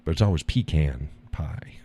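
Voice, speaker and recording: American man, live stream host, very low voice, slow talker, rambling casual chat, laughs a lot, a bit tired. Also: husky. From United States. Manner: relaxed, rambling, laughs often. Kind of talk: casual chat reading viewer comments.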